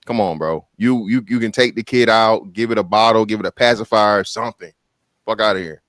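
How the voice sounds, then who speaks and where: A man's voice: lowish voice, a little fast, a bit bright, dry recording. A man ranting bluntly and profanely. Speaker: panelist.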